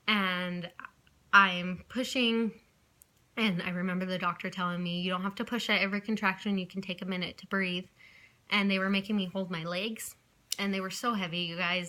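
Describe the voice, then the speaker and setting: A young woman in her twenties talks straight to camera in a loose, chatty storytelling style. Her voice is bright and forward, and she keeps backtracking and apologizing as she rambles on. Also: lowish voice. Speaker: vlogger.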